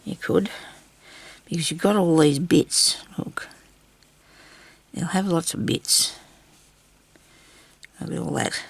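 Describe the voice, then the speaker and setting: Australian woman, craft vlogger, rambling anecdotal chat, slightly gravelly, dry room. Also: lowish voice, slow pace, pauses often, no echo, in a whisper. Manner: rambling, storytelling, chatty. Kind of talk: casual chatty craft vlog.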